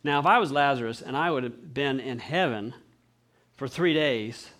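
A man preaching a sermon, animated and acting out the voices of the people he quotes. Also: mid-range voice, normal speed. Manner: clears throat often.

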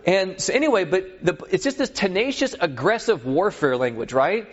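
A man preaching with a lively, swinging delivery that rises and falls as he retells scripture scenes. His voice sits a bit higher than most men's, and he keeps checking that his listeners follow. The recording is dull and lo-fi. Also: moderate pace, hardly any pauses. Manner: animated storytelling, acts out scripture scenes; asks the audience for agreement. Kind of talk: sermon.

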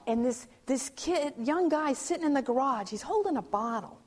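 A woman with a voice that sits high shares a personal testimony at normal speed, telling it as an animated story. She acts out quotes and often restarts her sentences.

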